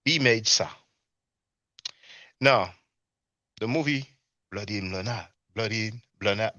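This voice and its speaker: A man's voice: fairly low pitch, takes it slowly, pauses often, pushed and bright, no echo, muffled recording. A man giving casual commentary on a live stream and reading chat, mocking and scornful, often asking "you see?". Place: abroad in Europe.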